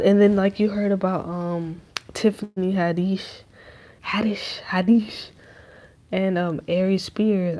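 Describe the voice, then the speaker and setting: A woman's voice: fairly low pitch, mellow. Profane, rambling young woman podcaster. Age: young adult. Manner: loose, profane, rambling slang. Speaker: podcast host. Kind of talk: casual chat.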